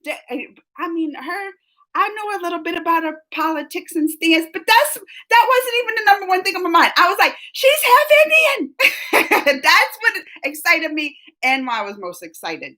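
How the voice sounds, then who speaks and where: A woman with a high, bright voice talks casually to her live-stream viewers. She is excitable and chatty and laughs often. Her sentences ramble, with many restarts along the way. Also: fairly quick. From United States.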